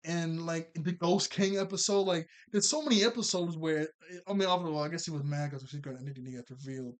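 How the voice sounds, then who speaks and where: A young man talks through a cartoon episode in a loose, rambling way, full of fillers and little laughs. His voice sits a little higher than most men's. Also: brisk. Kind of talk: casual recap and chat.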